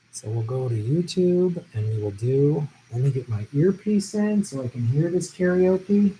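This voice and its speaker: A man's voice: a little high, mellow, slight background noise, rough recording. A man hosting a casual live stream at home, chatting easygoing with viewers and laughing often, his voice tiring after a long session. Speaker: live stream host answering viewer questions.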